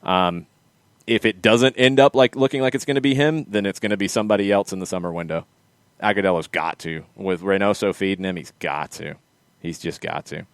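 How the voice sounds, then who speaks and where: A man hosting a casual soccer podcast, quick and lively, teasing his co-hosts. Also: low voice, smooth, no echo. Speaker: podcast host. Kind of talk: casual sports chat.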